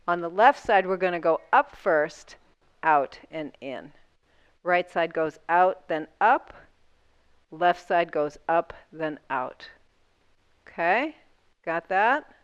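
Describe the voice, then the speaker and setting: Woman, yoga instructor, encouraging, step-by-step cues, smooth voice, dry room. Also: fairly low pitch, lively intonation, slow pace, pauses often, dry recording, dull audio. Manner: encouraging, talks through each movement step by step. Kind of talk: guiding a seated yoga class.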